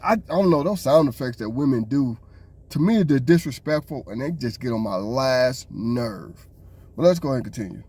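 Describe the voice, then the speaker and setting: Exasperated man ranting, lively pitch. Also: moderate pace, slightly rough. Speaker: podcast co-host. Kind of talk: casual reaction commentary.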